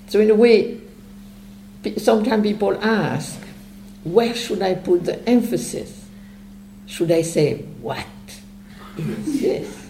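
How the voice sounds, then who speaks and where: A woman, giving meditation instruction as a teacher in a slow, gentle, explanatory way with long pauses. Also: mid-range voice, vocal fry. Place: retreat center meditation hall. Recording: echoey hall with faint hum.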